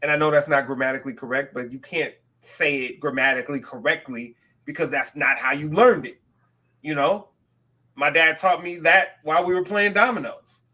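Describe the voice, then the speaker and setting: A male podcast co-host from the West Coast of the US, talking in loose, animated chat. His voice sits a bit high for a man and comes across bright and forceful. He drops in quick self-aware asides.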